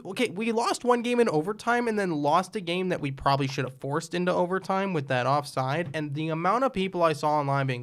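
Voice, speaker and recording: A podcast co-host in casual sports chat who gets heated and rants, swearing now and then. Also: mid-range voice. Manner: heated, ranting, quick to swear. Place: podcast recording.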